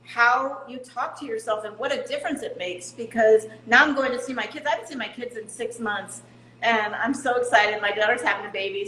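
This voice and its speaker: A woman's voice: mid-range voice, pushed and bright, echoey room, a little hiss or hum, low-quality recording. A middle-aged woman talking candidly as an interview guest, laughing at herself now and then. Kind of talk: casual interview talk.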